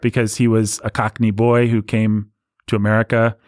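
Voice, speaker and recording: A man's voice: fairly low pitch, flat delivery, moderate pace, darkish tone, dry recording, clean studio sound. A man co-hosting a casual film podcast, explaining at length with frequent restarts. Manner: talkative, explanatory, many restarts. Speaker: podcast co-host.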